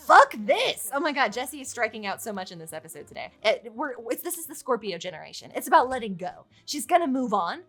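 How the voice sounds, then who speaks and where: A woman giving chatty, excitable let's play commentary on her game, swearing freely as she goes. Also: mid-range voice. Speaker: gaming YouTuber.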